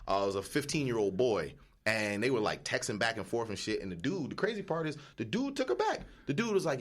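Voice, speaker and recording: A man co-hosting a podcast in casual chat. He is an animated storyteller who uses heavy slang and cusses. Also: medium pitch, a little fast. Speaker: podcast co-host. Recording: music playing under the talk.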